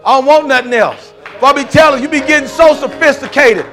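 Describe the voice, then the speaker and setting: A man preaches a fervent testimony, his voice unusually high and bright. He repeats his phrases and climbs into shouts. Faint music and congregation murmur sit behind him in the church. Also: fast talker, some chatter behind. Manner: repetitive call-and-response preaching, rising to shouts.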